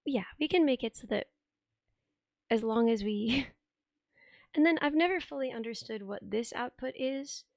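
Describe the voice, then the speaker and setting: A young woman with a sick voice, chatting on a live stream, thinking aloud as she tinkers and thanking viewers with excitement. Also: a little high, a little slow, creaky, pauses often, no echo. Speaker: livestreamer. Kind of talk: casual live stream chat. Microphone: desk streaming microphone.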